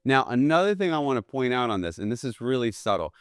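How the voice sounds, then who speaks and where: In this instructional jazz drum video, a man's smooth, resonant, medium-pitched voice has a sing-song lilt and is recorded close and dry. Eager and relaxed, he keeps asking "right?", with a drum kit filling the gaps between phrases.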